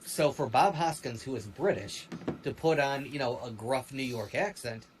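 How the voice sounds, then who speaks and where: A man's voice: medium pitch, moderate pace, noisy background. Rambling man chatting on a stream. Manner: rambling, animated, with frequent fillers and restarts. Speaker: stream co-host. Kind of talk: casual chat.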